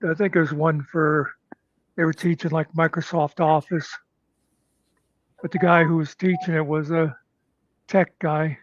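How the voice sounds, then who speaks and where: A man hosting a casual chat, telling stories in a rambling way with many pauses and fillers. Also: a little high, flat delivery, no echo, highs cut off.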